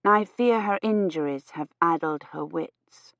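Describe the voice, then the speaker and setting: A woman reading aloud, voicing a careful, gentle medieval noblewoman who speaks softly. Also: on the low side, a little slow, dry recording. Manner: soft-spoken and careful. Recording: slightly dull, dry audio.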